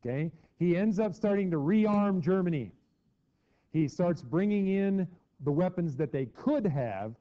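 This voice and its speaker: A middle-aged man lectures a class on history, chatty and lively, breaking into mock voices for the people he quotes. His voice sits a little high for a man. The recording is dull and lo-fi. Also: a little slow. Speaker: teacher.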